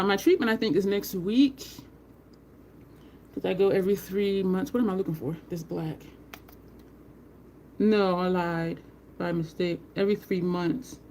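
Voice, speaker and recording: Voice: mid-range voice, slight background noise. A makeup tutorial host chatting casually while working, rambling through stories with frequent laughs and greeting live viewers by name.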